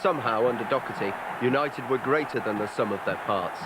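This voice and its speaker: Man, documentary narrator, measured and wry, mid pitch, traffic noise behind. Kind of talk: scripted narration.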